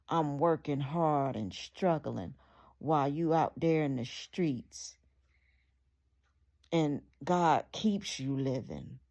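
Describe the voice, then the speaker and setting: A woman's voice: a bass voice, gravelly, exaggerated voice. A woman reading the lines of a hurt, fed-up wife who pleads with and scolds her husband, in a read-aloud story. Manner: pleading then scolding forcefully.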